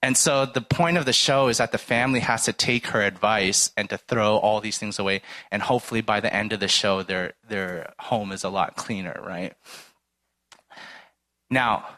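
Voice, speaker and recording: This preacher's voice is lowish, pushed and bright, with fairly even intonation at normal speed. He delivers a sermon built on everyday stories in a casual, conversational way, often asking "right?" and acting out small dialogues.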